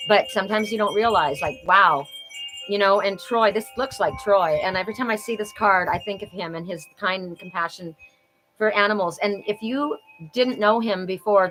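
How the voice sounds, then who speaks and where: A woman hosting a live spiritual card reading, talking in a chatty, animated way with frequent exclamations. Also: medium pitch, low-quality recording. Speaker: oracle card reader and host.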